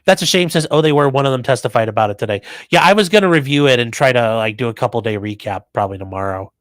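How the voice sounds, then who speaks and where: Male stream host, mid pitch, crude offhand humor, close dry sound. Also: quick pace, a bit bright, no room sound. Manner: offhand, crude jokey asides. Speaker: livestream host reading chat. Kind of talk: casual livestream commentary.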